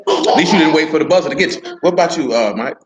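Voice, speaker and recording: A man's voice: fairly high pitch, lively intonation, quick pace, crowd noise, low-quality recording. A man leading an interactive Bible study, talking casually, teasing and quizzing his listeners by name. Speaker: Bible teacher.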